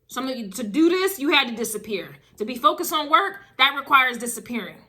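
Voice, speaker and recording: A woman's voice: high-pitched, lively intonation, fairly quick, sharp tone. A woman doing a casual spiritual reading to camera, emphatic and driving her points with repeated phrases. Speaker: tarot reader.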